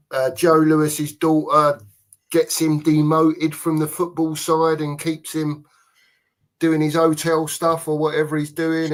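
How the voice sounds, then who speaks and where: Chatty Cockney man, slightly high voice. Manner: laughs often, blunt and chatty. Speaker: podcast co-host. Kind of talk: casual pub chat.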